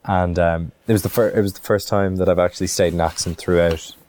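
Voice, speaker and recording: A man's voice: low-pitched, fairly even intonation, brisk, darkish tone, a little hiss or hum. A man from Ireland, an actor, answering interview questions in a thoughtful way, with many restarts and fillers.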